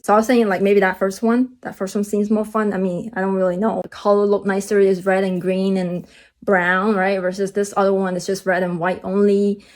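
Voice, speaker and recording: A young woman telling a long storytime vlog, rambling with many "like"s and restarts, and getting animated at the exciting parts. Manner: animated, jumps high when excited. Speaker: vlogger.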